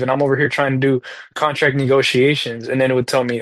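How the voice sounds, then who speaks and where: Fast and slightly bright, this adult dad's mid-range voice holds a level tone as he co-hosts a podcast on soccer video games. He rambles through a long story in a casual, slang-filled way with lots of fillers.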